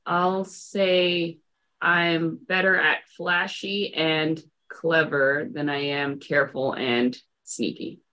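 A woman playing in a tabletop game, chatty and quick to laugh and joke. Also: sits low, steady tone, sharp tone, rough recording. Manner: chatty, laughs easily, jokes. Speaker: player. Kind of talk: casual chat at a game table.

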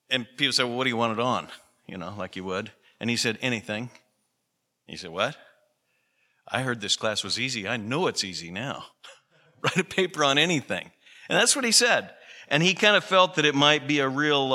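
A male pastor preaching a sermon in a chatty storytelling way, with plenty of fillers, slowing down to stress key phrases. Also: mid-range voice, sharp tone. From Pacific Northwest, US. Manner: conversational, storytelling with fillers like "you know". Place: church hall. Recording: radio broadcast of a sermon in a church hall with long reverb.

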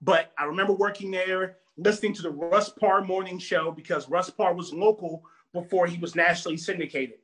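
A man from Virginia in a casual chat, telling stories in an animated, emphatic way. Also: high voice, brisk, hardly any pauses. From Virginia, United States. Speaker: podcast guest.

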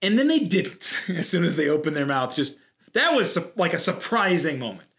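A young man co-hosting a podcast, chatting casually and telling a story with lively slips into put-on voices. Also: on the high side, moderate pace. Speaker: podcast co-host. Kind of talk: casual chat.

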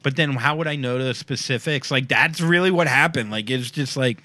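Bright-voiced man telling wild stories. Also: mid-range voice, normal speed, no room sound. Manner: animated storyteller who acts out quotes. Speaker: podcast guest, comedian. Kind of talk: casual storytelling chat.

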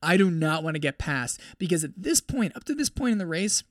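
A man's voice: on the high side, brisk, no room sound, studio quality. A young man casually retelling his ultramarathon finish as a podcast host, with lots of "like" and quoted dialogue. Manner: animated, heavy use of "like". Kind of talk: casual storytelling recap.

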